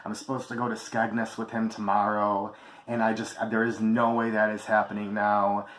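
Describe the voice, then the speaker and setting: A man's voice: fairly low pitch, little pitch movement, normal speed, fairly bright tone. Candid man telling a story, roomy echo. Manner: candid, emphatic, swears freely. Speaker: vlogger. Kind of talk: personal storytime vlog. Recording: echoey room with faint ambience.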